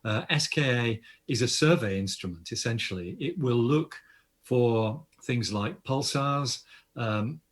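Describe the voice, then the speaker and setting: A man's voice: mid-range voice, expressive, unhurried. An older Australian man, an astronomer guest, explaining science enthusiastically in an interview with frequent restarts. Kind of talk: interview conversation.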